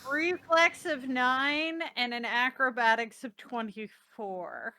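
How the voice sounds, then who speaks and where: A woman high, bright-voiced tabletop player. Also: takes it slowly, no room sound. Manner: animated, swears freely, acts out her character. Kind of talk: tabletop role-play banter.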